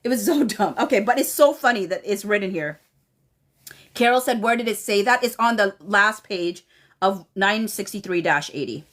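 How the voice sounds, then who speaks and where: A woman's voice: medium pitch, expressive, moderate pace, a bit bright. A woman on a casual commentary livestream, reading documents aloud and breaking into laughing asides to her chat.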